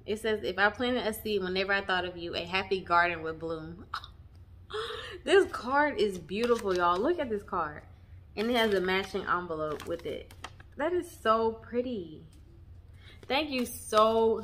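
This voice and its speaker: A young woman chatting to her viewers, warm and emotional, often saying y'all. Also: medium pitch, measured pace, a little hiss or hum. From Texas. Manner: emotional, near tears at times. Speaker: vlogger. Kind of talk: casual chat. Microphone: camera mic on tripod.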